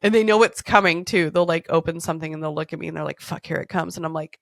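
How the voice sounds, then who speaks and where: A woman's voice: sits low, racing, vocal fry, fairly bright tone, no room sound, clean studio sound. A woman podcast host in her thirties, telling stories in a candid, casual way, swearing freely and laughing often. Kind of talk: casual storytelling chat.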